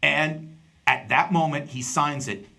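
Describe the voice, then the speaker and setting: A man's voice: on the high side, slow pace, gravelly. A man hosting a podcast, telling a story in casual chat and acting out the people in it. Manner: animated storyteller, acts out quoted people. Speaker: podcast host and stand-up comedian.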